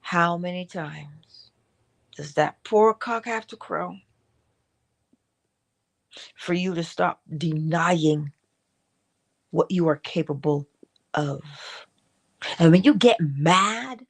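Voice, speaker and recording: Middle-aged female host, low-pitched, theatrical and insistent, spiritual pep talk. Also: vocal fry. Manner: expressive, swings between high acted asides and low soft remarks; repeats and exhorts, drawn-out emphasis. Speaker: host of a morning inspiration stream.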